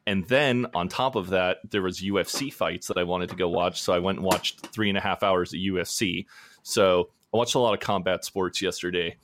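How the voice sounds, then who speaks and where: A man's voice: low voice, fairly quick, background noise. A man hosting a podcast, chatting casually and rambling with frequent laughs. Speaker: podcast host. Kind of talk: casual chat.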